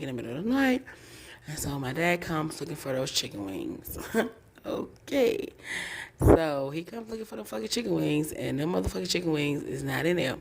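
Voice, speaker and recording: A young woman telling a family story in casual, profane, animated talk, laughing often. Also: sits low, vocal fry, a little hiss or hum.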